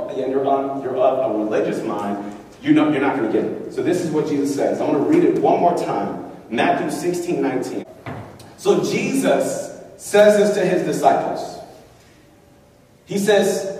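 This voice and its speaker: In a church hall, a male pastor delivers an emphatic sermon, drawing call-and-response from the congregation and acting out quotes. His voice is mid-range with a darkish tone. The mic sits far off, so the hall sounds echoey.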